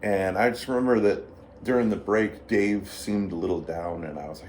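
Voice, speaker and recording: Man telling stories, lively anecdotal manner. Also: fairly low pitch, normal speed, slight background noise. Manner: lively anecdotal, acts out quoted voices. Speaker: blues guitarist, interview guest. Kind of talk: casual storytelling.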